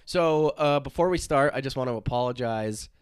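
A man's voice: medium pitch, moderate pace, clean tone, dry recording, clean studio sound. A man hosting a sports podcast in a casual, rambling, enthusiastic way, his voice nasal and congested. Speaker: podcast host.

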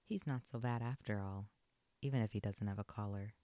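A man voicing a gentle, worried female house dog in a storybook, speaking primly and anxiously. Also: on the low side, brisk, no echo, lightly acted. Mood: fond. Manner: prim, anxious pleading.

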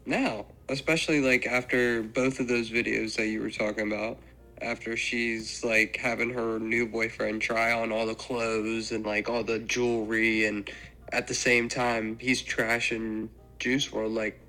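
Male co-host, monotone and bright-toned, blunt casual replies. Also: mid-range voice, measured pace, soft background music, poor audio. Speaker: podcast co-host. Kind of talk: casual chat.

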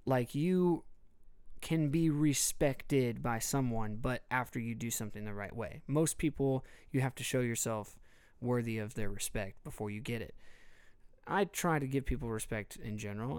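Rambling youth pastor, joking asides. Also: male voice, mid-range voice, darkish tone, smooth, no room sound. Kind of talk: casual podcast talk.

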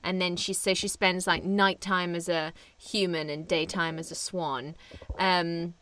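A woman's voice: on the low side, level tone, unhurried, fairly bright tone, dry recording. A young adult woman co-hosting a podcast, talking casually and animatedly about a film, laughing often. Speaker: podcast co-host.

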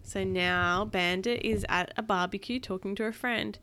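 A woman's voice: mid-range voice, steady tone, moderate pace, a bit bright. A woman reading a picture book aloud to her child, adding chatty asides.

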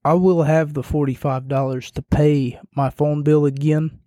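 A man hosting a casual solo podcast, talking in a monotone while losing his voice and sounding hoarse. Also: fairly high pitch, measured pace, dry recording, studio quality. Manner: monotone delivery. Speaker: podcast host.

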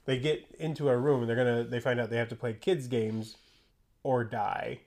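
A man's voice: medium pitch, steady tone, moderate pace, darkish tone. A man co-hosting a podcast in casual chat, talking loosely with many fillers and restarts. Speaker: podcast co-host.

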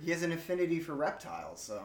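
Chill podcast host guy, bit high-pitched, echoey room. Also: very animated, quick pace. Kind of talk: casual chat.

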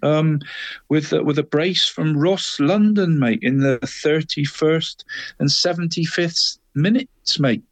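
A man's voice: a little high, slow pace, no room sound. A man co-hosting a local football show, chatting casually and calling his co-host "mate" and by nickname in nearly every line. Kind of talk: casual sports chat.

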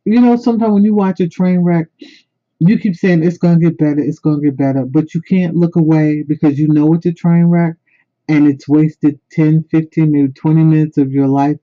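Chatty man, tinny phone-like sound. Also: a little high. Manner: chatty, emphatic, repeats phrases for stress. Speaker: book blogger. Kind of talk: casual book and movie review.

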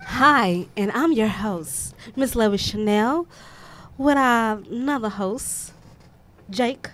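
A woman's voice: fairly high pitch, extremely slow, a bit bright. A woman hosting a casual talk show, playful and teasing, laughing often. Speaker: host. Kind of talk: casual chat.

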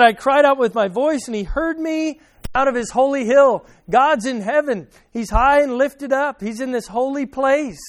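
High-voiced man preaching a sermon. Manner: addresses listeners by name, asks questions; swings from loud emphasis to quiet, soft remarks. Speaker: pastor.

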